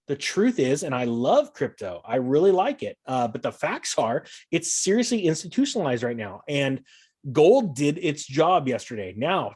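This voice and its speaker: A man's voice: medium pitch, a little mellow. A man talking casually and animatedly, acting out sarcastic imagined exchanges. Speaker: guest. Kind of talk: casual chat.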